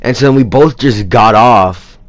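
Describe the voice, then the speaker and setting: A man's voice: medium pitch, a little slow. A young man telling a personal story in a casual, rambling way, with lots of fillers. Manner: rambling, animated retelling with many fillers. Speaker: vlogger.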